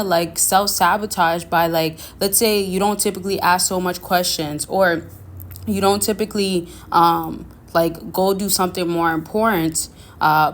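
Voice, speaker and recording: A woman hosting a casual dating advice vlog, chatty and rambling, with frequent restarts and fillers. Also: mid-range voice.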